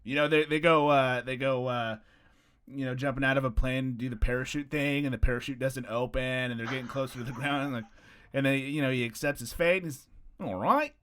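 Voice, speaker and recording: A man's voice: medium pitch, fairly quick, slight background noise. A man hosting a podcast, chatting casually, joking and swearing with a friend. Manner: joking, swearing, lively, trails off. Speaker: podcast host. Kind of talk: casual chat.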